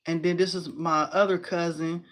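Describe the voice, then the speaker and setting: A woman in her forties hosting a casual crafting livestream, chatty and animated, talking to viewers and reading their comments. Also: fairly low pitch, normal speed. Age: 40s. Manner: chatty and animated, addresses viewers as y'all, laughs often.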